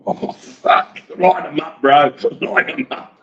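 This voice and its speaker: A man's voice: on the high side, fairly even intonation, slow. A brash, fired-up Australian man, a wrestling promoter guesting on a podcast, swearing freely and laughing often. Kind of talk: casual podcast interview. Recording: dull lo-fi sound.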